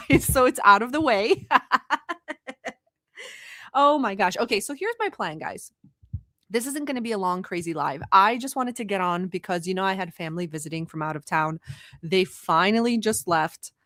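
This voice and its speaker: A woman from the Middle East hosting a casual live stream from home, chatty and gossipy and quick to laugh. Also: medium pitch, a bit bright, dry recording, studio quality. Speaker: livestream host. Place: at home in a swivel chair.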